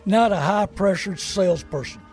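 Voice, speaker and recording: A man's voice: high-pitched, normal speed, soft background music. An older man hosting a call-in car radio show in a folksy, rambling salesman's way. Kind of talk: casual call-in radio talk with plugs.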